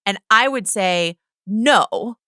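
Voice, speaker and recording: A woman co-hosting a podcast in casual chat, quick and emphatic, swearing casually. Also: medium pitch, animated, bright, forceful tone, dry recording, studio quality. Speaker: podcast co-host.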